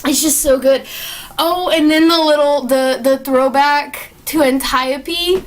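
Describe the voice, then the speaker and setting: A young woman reviewing a movie in casual chat, gushing and excitable, swearing freely and filling her talk with fillers. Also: sits high, slow pace.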